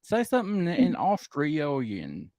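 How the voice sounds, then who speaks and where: A man's voice: fairly high pitch, unhurried, no room sound. A man hosting a live paranormal podcast, joking and bantering with his co-hosts. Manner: animated, joking host banter. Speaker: podcast host.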